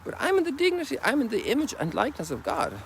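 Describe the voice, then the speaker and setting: A man's voice: very high voice, wildly swooping pitch, fast, gravelly, slight background noise. An Irish priest in his sixties gives an informal, rambling spoken reflection outdoors, with folksy asides. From Ireland. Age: 60s. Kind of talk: informal reflective sermon while walking. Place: outdoors on a sunrise walk.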